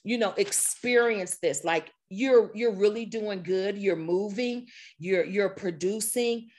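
She's a woman leading an online group session, giving a motivational talk heard through a computer mic. Her slightly strained, medium-pitched voice moves at a slow pace, yet she stays energetic and conversational, repeating points and laughing often.

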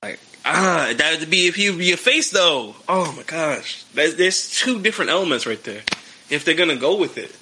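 A man chatting excitedly about wrestling, swearing freely and acting out quotes. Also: a little high, moderate pace, noisy background. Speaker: wrestling podcast co-host. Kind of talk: casual chat.

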